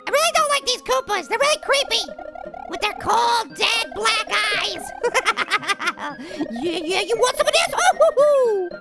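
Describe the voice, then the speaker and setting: Little Apple, a squeaky cocky cartoon apple. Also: male voice, big pitch swings, unhurried, creaky, heavily acted. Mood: cocky, giggly. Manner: brash, giggly, trash-talking. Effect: sped-up, pitched-up voice. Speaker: gameplay commentator. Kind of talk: comedic game commentary. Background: game music.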